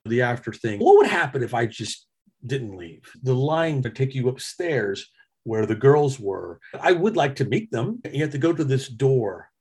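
A man's voice: mid-range voice, sing-song, normal speed, darkish tone, slightly rough. A middle-aged man hosting a podcast, telling a story in a casual, self-mocking chat. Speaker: podcast host.

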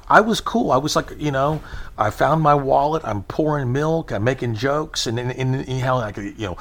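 A man in his thirties tells a winding story in a relaxed conversational way, his pitch sitting mid-range. He keeps restarting sentences and acting out quotes with lively bursts. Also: fast talker. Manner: animated, rambling anecdote with acted-out quotes.

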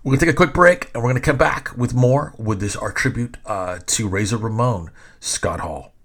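A man's voice: medium pitch, normal speed, fairly bright tone. A man in his forties hosting a podcast in a casual, rambling monologue, full of fillers. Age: 40s. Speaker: podcast host.

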